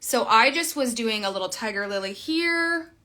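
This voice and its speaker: Young woman, bright and a bit high-voiced, rambling casual makeup tutorial. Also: expressive, normal speed. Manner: chatty, rambling, trails off mid-sentence. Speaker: makeup vlogger.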